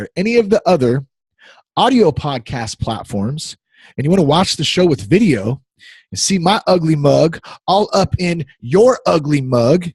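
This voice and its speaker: A man's voice: medium pitch, slightly rough, no room sound. A man in his thirties hosting a podcast, talking casually in a rambling, easily distracted, playful way. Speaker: podcast host.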